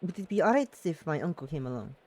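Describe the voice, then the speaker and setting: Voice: medium pitch, big pitch swings, fast, a little mellow. A streamer reading a polite young heroine who speaks formally and with concern.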